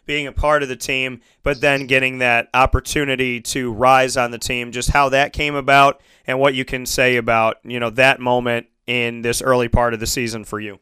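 A man's voice: medium pitch, flat delivery, normal speed, few pauses, pushed and bright, clean tone, dry recording. A man interviewing a basketball player in a casual, playful way, laughing often.

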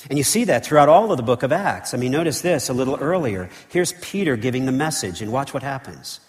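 Pastor preaching in a reverberant church. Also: male voice, medium pitch, fast. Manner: animated, conversational preaching with frequent "okay" and "right". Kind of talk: sermon. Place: church sanctuary.

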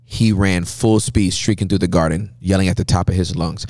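A man speaking as a guest pastor, telling animated sermon-style stories with a preacher's cadence and frequent laughter. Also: deep voice, fairly quick, hardly any pauses, no room sound.

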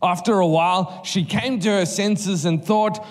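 A man preaching a sermon in church, telling stories in a lively, conversational way. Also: sits high, measured pace, few pauses. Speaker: guest preacher. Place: church hall. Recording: live hall reverb with faint music.

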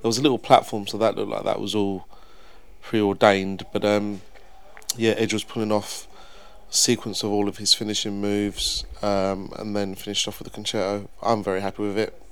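Brief: smooth low male voice, flat delivery, earnest. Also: normal speed. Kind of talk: casual review chat.

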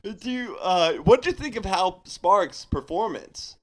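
Male comedy podcast host, high lively voice, dry close mic, excitable chatter. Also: a little slow, dry recording. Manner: excitable, lots of fillers. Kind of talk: casual comedy chat.

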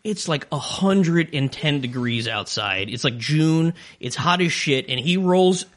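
A young man telling profane, animated stories as a guest in a casual podcast chat. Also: fairly high pitch, a little slow.

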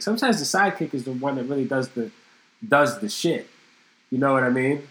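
A man's voice: medium pitch, expressive, fairly quick, a bit bright, roomy sound. A man hosting a casual solo podcast, rambling and swearing freely while joking at his own expense. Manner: rambling, profane, self-deprecating. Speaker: podcast host.

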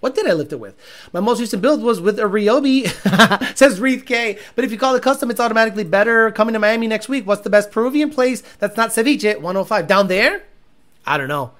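A man's voice: sits high, lively intonation, brisk, a bit bright. A man hosting a casual livestream, reading chat and rambling with frequent swearing and laughter. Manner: rambling, profane, laughing often.

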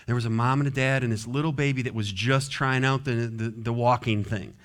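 A man's voice: medium pitch, steady tone, a little fast, a bit bright. A man preaching a sermon as pastor, conversational, often acting out quotes and little scenes.

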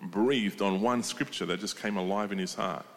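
A man's voice: fairly low pitch, normal speed. Man preaching in a reverberant hall. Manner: emphatic, asks the congregation questions. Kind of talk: sermon retelling a story with commentary.

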